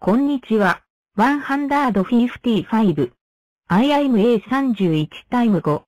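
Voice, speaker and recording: A woman voicing a cheerful talking number block in a cartoon, introducing itself flatly. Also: a little high, slow, no echo. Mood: plain. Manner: flat self-introductions.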